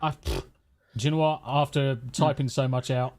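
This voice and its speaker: A man's voice: medium pitch, normal speed, darkish tone. A man hosting a casual online chat show, blunt and swearing freely. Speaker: podcast host.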